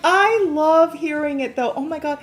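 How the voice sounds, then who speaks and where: A woman co-hosting a live crystal show, telling stories in animated casual chat. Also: high voice, moderate pace. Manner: animated storyteller, laughs often.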